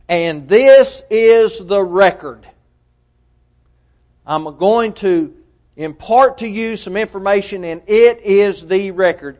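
A man preaching a sermon, emphatic and measured, asking his listeners rhetorical questions. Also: high voice.

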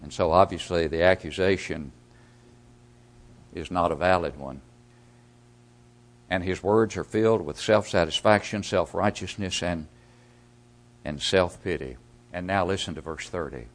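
A man preaching a sermon, asking rhetorical questions and swinging from loud emphasis to hushed asides. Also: deep voice, animated, a little slow, pauses often.

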